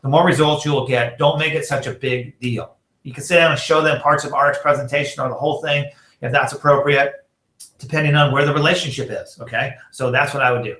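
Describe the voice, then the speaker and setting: Bright, chatty male sales trainer. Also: medium pitch, steady tone, brisk, reverberant. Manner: chatty, acts out text exchanges, many fillers. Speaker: network marketing trainer. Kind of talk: casual training talk.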